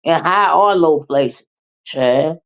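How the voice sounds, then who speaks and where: A woman hosting a livestream, reading viewer comments and chatting with them in an animated, teasing way. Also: low-pitched, slow, highs cut off. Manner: animated, teasing, with repeated "uh-uh" and laughter. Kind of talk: casual chat with viewers.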